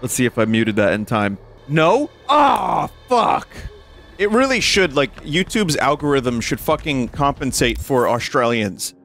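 A man's voice: medium pitch, big pitch swings, unhurried, fairly bright tone. A man in his thirties giving casual, joking gameplay commentary to his chat, often swearing. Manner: joking, profane, talks to chat. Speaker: streamer.

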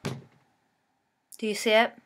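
Speaking extremely slowly, a woman in her twenties from the US East Coast chats to her camera at home in a rambling vlog loaded with "like" and "um". A slight hiss or hum sits under the recording.

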